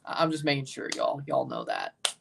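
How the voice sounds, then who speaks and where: A man's voice: rumbling low, huge pitch swings, moderate pace, creaky, noisy background. A man with a Southern US accent, chatting casually as a livestream host and answering viewers' comments. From Mississippi, US. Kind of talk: casual livestream watchalong chat.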